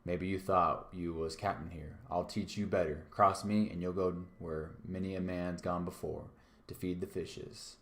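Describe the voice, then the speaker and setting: Guy doing a gruff old pirate captain, deep voice, bossy and threatening, echoey room. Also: fairly even intonation, normal speed, few pauses, a bit bright. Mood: roaring. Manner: gruff, commanding, roaring threats. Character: Long John Silver, cunning menacing old pirate captain.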